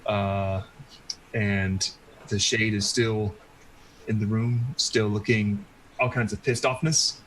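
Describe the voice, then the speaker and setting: A man's voice: fairly low pitch, level tone, takes it slowly, pauses often, fairly bright tone, slight background noise, low-quality recording. A man acting as game master, describing the action in a loose, casual way with frequent laughs. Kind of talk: narrating a tabletop game.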